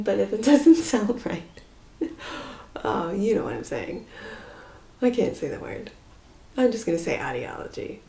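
A woman giving a spiritual tarot reading in an earnest, rambling way, sometimes dropping to a soft whisper. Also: medium pitch. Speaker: tarot reader. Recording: echoey room with faint noise.

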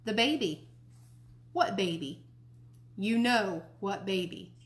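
A woman's voice: medium pitch, animated, slow. A woman reading a children's book aloud, voicing a father who speaks in a firm, matter-of-fact way.

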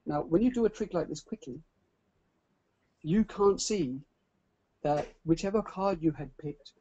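A man's voice: on the high side, a little slow, dull audio. A man hosting an online webinar, presenting with showman energy and often repeating words as he goes. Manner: showman, repeats words, stumbles when excited. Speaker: webinar host.

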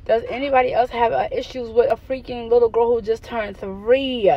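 High-voiced American mom venting in car. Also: female voice, steady tone, moderate pace, lo-fi sound. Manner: blunt, exasperated, frank with cursing. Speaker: mother vlogger. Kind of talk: candid venting car chat. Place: parked car, then driving home.

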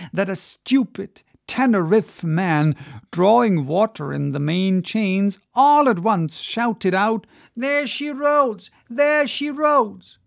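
An audiobook reader narrating a classic sea story with measured, dramatic storytelling. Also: medium pitch, creaky, a little mellow, no room sound, studio quality. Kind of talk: audiobook reading.

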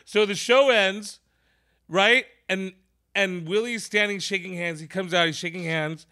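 Bright, animated storyteller man. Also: high voice, measured pace. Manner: animated, profane, acts out voices in his stories. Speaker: podcast host. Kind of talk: casual storytelling.

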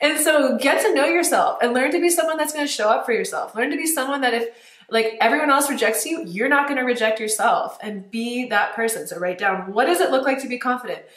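A young woman talks straight to camera in a loose, chatty advice vlog, animated and quick to laugh, dropping casual swears along the way. Her voice sits a little high. The room gives it a noticeably echoey, roomy ring. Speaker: vlogger. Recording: roomy echo.

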